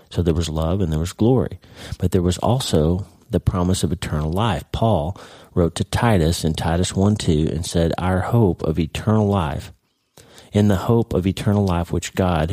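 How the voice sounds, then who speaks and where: Deep, earnest male Bible teacher. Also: dark tone, no room sound. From Oklahoma, United States. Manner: earnest, slows down on key phrases. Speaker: podcast host and Bible teacher. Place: ranch.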